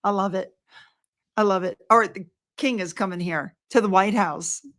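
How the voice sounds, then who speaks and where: A woman's voice: mid-range voice, moderate pace, a bit bright. An older woman vlogging from home, talking straight to her viewers. She rambles from one thing to the next with effusive enthusiasm, keeping everything loose and casual.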